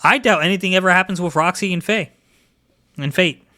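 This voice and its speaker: A man's voice: high-pitched, fairly quick, sharp tone. A man in casual podcast chat about anime, rambling opinions with lots of filler words. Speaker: podcast co-host.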